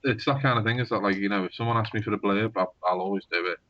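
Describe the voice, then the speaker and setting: A man's voice: on the low side, very fast, no echo, muffled recording. A man with a Scouse accent, a novelist rambling in a casual podcast chat with many fillers and restarts.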